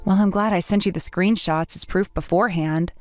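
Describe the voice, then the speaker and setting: A woman's synthetic voice reading a text-message story, playing two young female rivals from school as they trade sharp, bickering lines. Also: lowish voice, steady tone, brisk, soft background music, close to an everyday voice.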